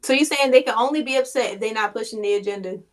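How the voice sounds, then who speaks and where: A woman on a discussion panel, blunt and argumentative with quick comebacks. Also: fairly high pitch.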